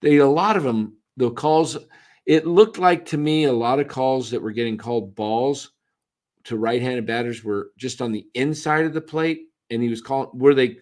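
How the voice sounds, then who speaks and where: On a casual postgame stream, a male podcast co-host who went to the game at the ballpark keeps restarting his sentences as he rambles along. The voice is medium in pitch and a little mellow, at a normal speed.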